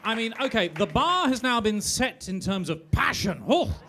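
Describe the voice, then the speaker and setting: Animated jokey male compère. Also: high voice, normal speed, slight background noise. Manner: jokey and self-deprecating, laughing often. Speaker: host of a live showcase. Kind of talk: compering between songs. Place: indoor arts club venue.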